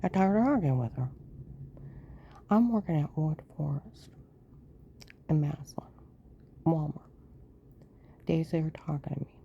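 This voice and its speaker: Woman, lowish and very dark-toned, rambling personal monologue with frequent whispered asides. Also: expressive, measured pace, long pauses, muffled recording, a little hiss or hum. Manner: rambling, often slips into a hushed whisper. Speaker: storyteller recounting her own life.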